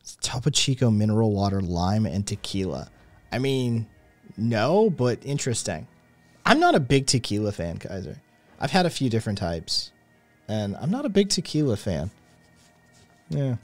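Profane, animated man hosting a chat stream. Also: lowish voice, normal speed, no echo, faint music behind. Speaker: podcast host reading live chat. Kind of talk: casual livestream chat.

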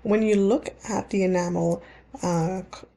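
A woman's voice: mid-range voice, steady tone, unhurried, vocal fry, mellow. A woman teaching dental hygiene in a recorded slide lecture, explaining in plain terms and repeating key points, with frequent ums and restarts.

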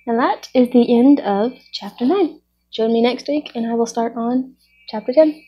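A woman reading a storybook aloud in a steady storytelling manner. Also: fairly high pitch, fairly quick. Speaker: reader. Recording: muffled lo-fi recording.

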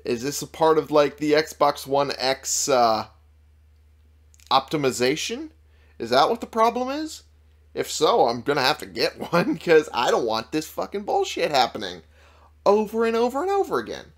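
A man's voice: on the high side, huge pitch swings, moderate pace. A man casually commenting on a game he is playing, goofy and joking, swearing freely. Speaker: let's play gamer.

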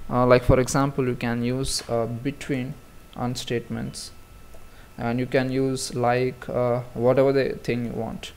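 A man's voice: mid-range voice, a little mellow, clear, resonant tone. A man giving a casual screen-recorded coding tutorial, talking through each step with frequent fillers and restarts. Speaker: programming tutor.

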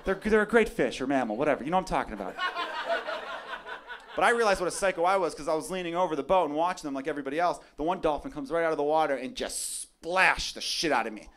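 A young man performing a stand-up comedy set, brash, dropping to mumbled asides and then shouting rants. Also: fairly high pitch, animated, quick pace. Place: comedy club stage before a live audience. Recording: live club recording with crowd noise. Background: audience laughter.

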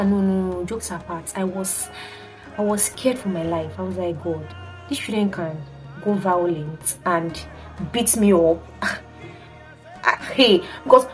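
A young woman, a teacher telling a dramatic story in a casual vlog, full of exclamations and acted-out quotes. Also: medium pitch. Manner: animated and dramatic, acting out quotes with many exclamations. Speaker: teacher and vlogger.

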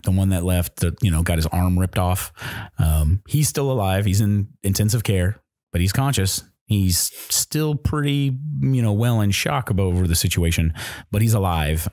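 A man runs a tabletop game, setting scenes in a low, steady voice. The recording is dry and close, with no room sound. He talks it through with fillers and small restarts. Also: no echo. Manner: descriptive, hesitant with many fillers. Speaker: game master. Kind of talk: narrating a tabletop role-playing game.

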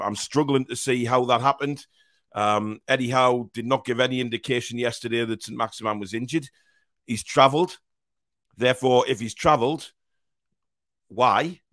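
A man with a hoarse, croaky voice hosting a live football watch-along, talking in halting, repetitive, exasperated bursts. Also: medium pitch, a bit bright, no echo, clean studio sound. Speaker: host.

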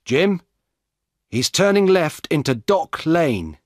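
A man voicing a brisk police chief. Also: medium pitch, sing-song, a little mellow, no room sound, studio quality, pitched above the performer's own voice. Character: male police officer, adult, in charge.

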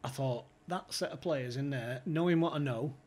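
A man's voice: medium pitch, moderate pace, a little mellow. A man telling stories casually, swearing and laughing as he goes. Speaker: podcast guest, former club insider. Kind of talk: casual storytelling chat.

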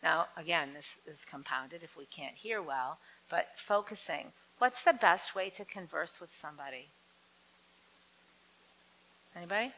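A woman lecturing an audience on dementia care, lively and acting out quoted voices. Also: normal speed, few pauses, poor audio. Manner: lively, acts out quoted voices with big swings in pitch.

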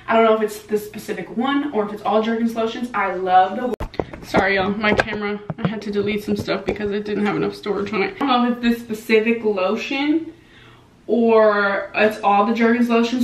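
A young woman telling a story in a casual vlog, animated and swearing freely, with lots of "like" fillers. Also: medium pitch. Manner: animated, profane, lots of "like" and reenacted dialogue. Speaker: vlogger. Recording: echoey room, mic at a distance.

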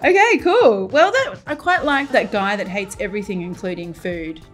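A woman's voice: medium pitch, lively intonation, normal speed, soft background music. A middle-aged woman hosting a cooking channel, reading comments aloud in a playful, giggly way with frequent laughter.

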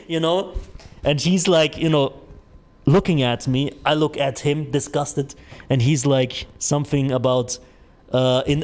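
A young man streaming a horror game breaks off into a rambling, profanity-laced story. He piles on fillers and restarts and laughs at his own telling. His voice sits a little high for a man. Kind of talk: casual gaming stream storytelling.

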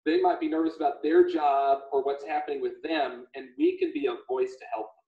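A man hosting a casual livestream chat, animated and retelling stories in quoted voices. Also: fairly high pitch, a little fast. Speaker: livestream host. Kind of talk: casual video call chat. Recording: echoey room, dull lo-fi audio.

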